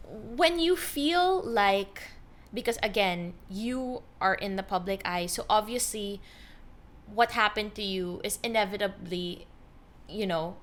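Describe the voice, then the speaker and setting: A woman with a Filipino accent hosting a podcast interview, lively and mixing English with Tagalog. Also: medium pitch, slow pace. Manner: animated, switching between English and Tagalog. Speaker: podcast host. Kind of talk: conversational interview.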